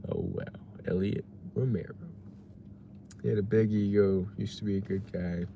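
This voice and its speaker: A man's voice: lowish voice, steady tone, normal speed, gravelly, mellow, slight background noise. A man casually chatting on a livestream, musing and reading chat messages aloud from his parked car. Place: parked car while waiting for delivery orders.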